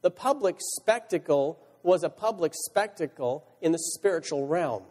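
Male pastor, high animated delivery, reads verses and asks rhetorical questions, reverberant church recording. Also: a little slow. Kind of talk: sermon. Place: church sanctuary.

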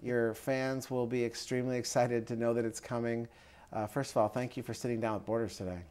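Male interviewer, mid-pitched voice, polite and admiring questions. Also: flat delivery, brisk, a little mellow, clear, resonant tone.

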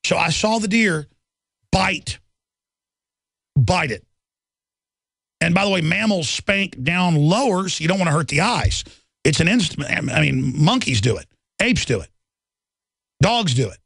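A man's voice: a little high, animated, measured pace, gravelly, pauses often, fairly bright tone, husky, dry recording. A middle-aged man hosting a radio talk show, delivering an indignant, rambling monologue full of repeated words and restarts.

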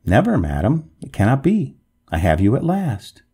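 A man playing a courteously cruel gentleman. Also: mid-range voice, wildly swooping pitch, moderate pace, husky, full character voice. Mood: coldly triumphant. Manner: polite, firm, dryly mocking. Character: courteous, coolly triumphant gentleman heir. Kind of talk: storybook reading.

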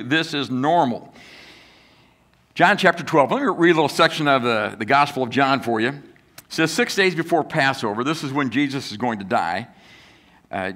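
Guy pastor giving a sermon, bright clear voice, talks to the crowd like a chat, does little critic voices. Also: medium pitch. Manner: conversational preaching with rhetorical questions to the congregation; acts out critics' voices in quotes.

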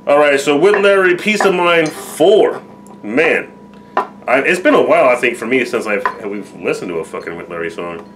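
A man's voice: mid-range voice, expressive, moderate pace, a bit bright, slight background noise, poor audio. Profane, rambling man co-hosting from home. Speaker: co-host of a reaction channel. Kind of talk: casual chat.

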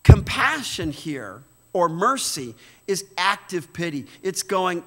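Emphatic pastor with a high, bright voice. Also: male voice, very animated, a little slow. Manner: emphatic, repeats words, asks "right?". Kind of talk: sermon. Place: church sanctuary. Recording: church hall reverb.

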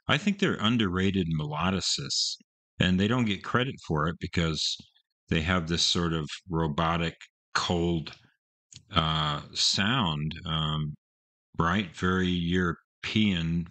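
An older man with a deep, low voice talks in a loose, rambling way about bands he loves. He is enthusiastic, and his speech is full of fillers and restarts. He sounds like a regular host speaking casually to his viewers from home. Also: fairly bright tone. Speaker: music reaction channel host. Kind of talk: casual solo talk to camera. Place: home room with construction noise outside.

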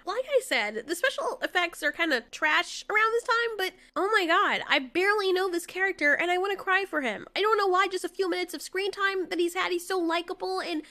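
A woman's voice: very high-pitched, expressive, fairly quick, hardly any pauses, pushed and bright. A woman giving casual, emotional movie commentary, swearing and exclaiming as she reacts.

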